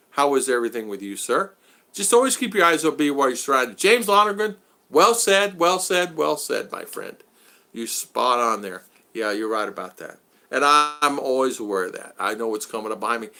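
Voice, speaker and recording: A man's voice: mid-range voice, gravelly, sharp tone. A man chatting casually as a vlogger, telling anecdotes, acting out dialogue, and answering viewers' chat. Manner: storytelling, acts out dialogue; reads and answers live chat.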